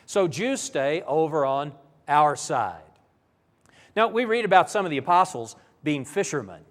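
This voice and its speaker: Animated preacher in an echoing church. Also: male voice, fairly high pitch. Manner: animated, vivid storytelling. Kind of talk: sermon-style Bible lesson.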